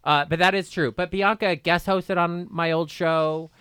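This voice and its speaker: A man with a smooth, resonant voice rambles through gossip and self-mocking asides as a podcast guest. He is recorded dry and close to the mic. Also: a little high, fairly even intonation, measured pace, pushed and bright, no room sound. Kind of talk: casual comedic chat.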